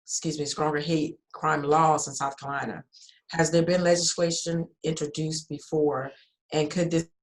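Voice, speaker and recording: A moderator putting questions to a panel in an even, businesslike way. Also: mid-range voice.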